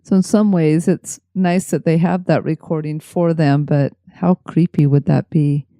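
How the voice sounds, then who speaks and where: Woman co-host, lowish voice, dry studio sound, reacts in casual chat. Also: fairly even intonation, a little slow, warm tone, dry recording. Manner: thoughtful, reacting to a story. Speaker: podcast co-host.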